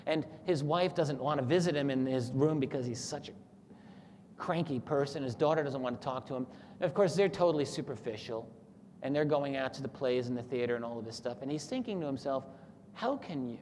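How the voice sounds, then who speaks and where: A man at a talk retells a story to his audience in an earnest, steady voice of middle pitch, now and then acting out the lines he quotes. The sound has a long hall reverb with faint noise under it. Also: fairly quick. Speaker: speaker at a talk. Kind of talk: lecture with a story retold.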